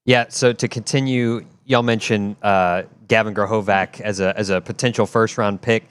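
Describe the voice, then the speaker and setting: A man, the show's director, giving brisk sports updates and running through stats and lists. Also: on the low side, fairly even intonation, smooth, no room sound.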